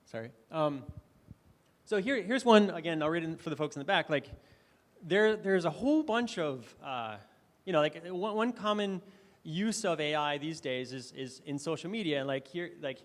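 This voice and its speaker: Guy giving a conference talk, kinda high voice, lots of "like" and restarts, big echoey hall. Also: animated, normal speed. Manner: conversational, frequent fillers and restarts. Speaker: conference speaker. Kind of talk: conference presentation. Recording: reverberant hall.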